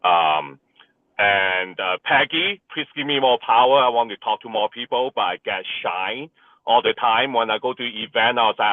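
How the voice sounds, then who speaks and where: A man's voice: mid-range voice, animated, normal speed, dry recording. A real estate agent sharing his weekly update on a group call, hesitant with many fillers. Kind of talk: casual update. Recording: tinny phone-like call line.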